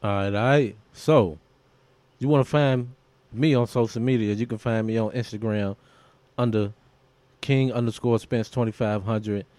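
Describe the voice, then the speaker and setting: A man's voice: lowish voice, fairly even intonation, normal speed, darkish tone, dry recording. A man, co-hosting a podcast in a loose, laid-back way with plenty of fillers. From Kentucky, US. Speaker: podcast co-host. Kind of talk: casual podcast chat.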